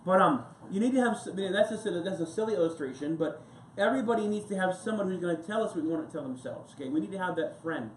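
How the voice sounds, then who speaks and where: A male pastor speaking from the pulpit with a somewhat high voice. He preaches in a relaxed, wandering way, stopping for stories and side remarks. The sound is roomy and echoing, with a faint hum of ambience behind him. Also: fast talker, hardly any pauses. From United States. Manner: conversational, rambling preaching with anecdotes and asides. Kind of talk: sermon. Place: church sanctuary. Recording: echoey church room with faint ambience.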